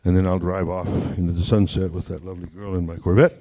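Guy playing a brash young officer bragging, lowish mellow voice. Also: little pitch movement, fast. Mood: boastful. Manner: boastful, self-assured. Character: cocky young male air force lieutenant.

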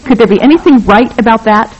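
A narrator voicing a prim, anxious Mormon husband in an audiobook, earnest and pleading, sometimes in a fierce hush. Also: medium pitch, fast talker, dull audio, pitched above the performer's own voice, close to an everyday voice. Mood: indignant.

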